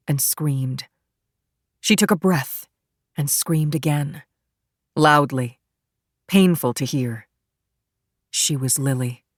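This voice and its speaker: Low-voiced woman narrating a thriller. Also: no room sound, studio quality. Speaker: audiobook narrator. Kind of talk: scripted narration.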